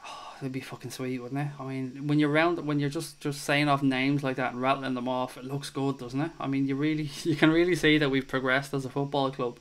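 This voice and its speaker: A young man hosts a laid-back football chat show, reading viewer comments aloud and answering them with easy, sweary banter. His voice is smooth and resonant, sitting at an everyday middle pitch. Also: flat delivery, brisk, few pauses. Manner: chatty and swears freely.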